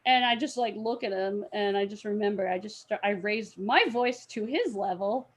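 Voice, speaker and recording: Speaking at normal speed with a medium-pitched voice, a young woman shares a story as a cosplayer guest on a podcast. The chat is casual, and she animatedly performs the voices of the people she describes.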